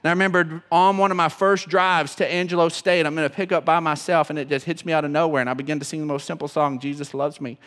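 A man preaching a sermon as pastor, emotional, swinging from loud to hushed. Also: a little high, fairly even intonation, fast talker, few pauses. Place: church sanctuary. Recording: long reverb of a church hall.

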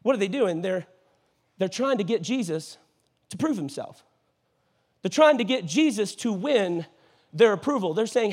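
A male pastor preaching in a church with a bright, high-pitched voice. He is animated and funny, dropping into playful voices for scripture characters before driving his points home with rising intensity. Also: normal speed, pauses often. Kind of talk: sermon. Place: church auditorium.

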